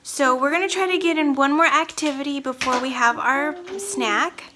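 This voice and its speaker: A homeschooling mother with a high, light voice, talking gently and warmly praising each small step. She speaks casually to her child and the camera at home. A steady hiss of noise sits clearly under the recording. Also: normal speed. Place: family home.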